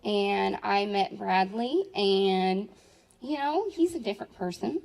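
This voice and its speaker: A woman in her twenties, the maid of honor, giving a jokey, animated wedding toast full of laughs. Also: mid-range voice, slow pace, vocal fry, rough recording. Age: 20s. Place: wedding reception.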